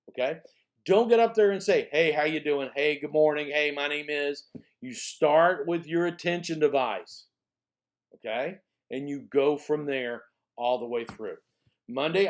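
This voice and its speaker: A fairly high, slightly mellow male voice leads a recorded college speech lecture. Step after step, he explains and restates, pausing to ask "okay?" and slowing down whenever a key phrase needs weight.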